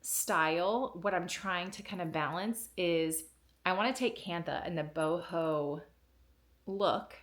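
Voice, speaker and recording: A woman vlogger unboxing a package in a casual, excited way, gushing and close to tears. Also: lowish voice, slow.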